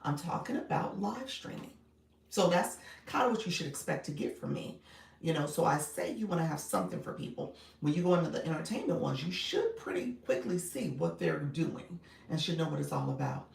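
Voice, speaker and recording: Low, gravelly Chicago woman on a livestream. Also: expressive, a little fast. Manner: chatty, greets viewers by name, laughs often. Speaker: livestream coach. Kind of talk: casual livestream chat. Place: home setup with phone on a stand. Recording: echoey room, mic at a distance, faint noise.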